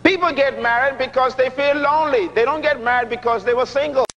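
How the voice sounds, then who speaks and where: Middle-aged male preacher, very high voice, emphatic and joking sermon, dull lo-fi sound with long reverb. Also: a bit bright, a little hiss or hum. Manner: emphatic, repeats key lines slowly for effect; humorous, teasing the audience. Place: large church hall.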